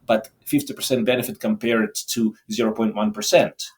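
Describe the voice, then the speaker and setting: A man's voice: fairly low pitch, steady tone, a little fast. A middle-aged man, a holistic doctor guesting on a podcast, talking in a reflective, emotional way with frequent restarts. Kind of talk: candid interview talk.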